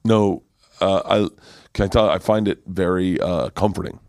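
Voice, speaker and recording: A man's voice: moderate pace, dry recording, clean studio sound. A comedian man chatting casually on a podcast as the guest, telling stories and jumping into comic impressions. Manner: animated storyteller, bursts into high comic impressions.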